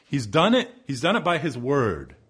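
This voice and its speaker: Emphatic male preacher with lively pitch. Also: husky. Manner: emphatic preaching with dramatic pauses and swells. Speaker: pastor. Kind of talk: sermon.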